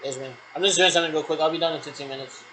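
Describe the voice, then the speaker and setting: A man's voice: a little high, fairly even intonation, very fast, sharp tone, a little hiss or hum, poor audio. A man rambling through make-believe radio checks in a solo role-play, leaning on the word "actually" again and again. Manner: rambling, repeats "actually" often. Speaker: vlogger doing pretend radio checks. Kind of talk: solo role-play talking to imagined callers.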